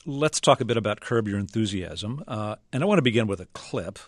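Measured male radio host. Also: fairly low pitch, animated, no room sound, studio quality. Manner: measured, setting up clips. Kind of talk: radio interview.

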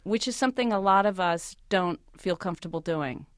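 A woman advice columnist, a guest on a radio talk show, giving confident advice in a relaxed way. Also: fairly low pitch, brisk, no room sound, studio quality. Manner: confident, advising, with easy laughter.

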